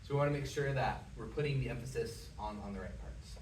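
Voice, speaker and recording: A man's voice: medium pitch, quick pace, loud music behind the voice. A man giving a one-on-one singing lesson, patient and encouraging, talking with many fillers. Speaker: voice teacher. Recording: echoey room, mic far off, background noise.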